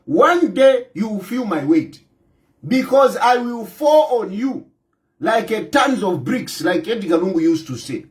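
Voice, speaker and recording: A fired-up Zambian man with a Zambian accent speaks straight to his listeners about politics. His voice sits high for a man and swings widely, and he repeats each point for force. He slips Bemba phrases in among the English. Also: sing-song, unhurried. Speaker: political commentator. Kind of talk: impassioned direct-to-camera address.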